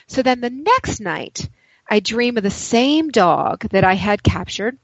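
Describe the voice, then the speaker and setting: A woman guest telling a personal story in casual conversation. She talks in an animated way and acts out the dialogue she quotes. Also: mid-range voice, moderate pace, no room sound. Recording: dry, dull lo-fi sound.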